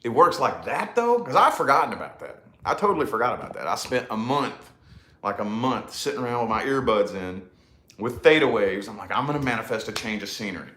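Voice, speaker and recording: A man telling a personal story in loose, casual talk, with a relaxed drawl and frequent swearing. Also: mid-range voice, fairly quick. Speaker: podcast co-host. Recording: echoey room.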